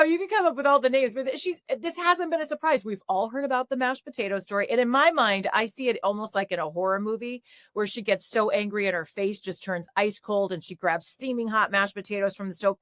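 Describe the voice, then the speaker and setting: Woman, political commentator, animated mocking delivery, medium pitch, dry close recording. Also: dry recording. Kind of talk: political talk show commentary.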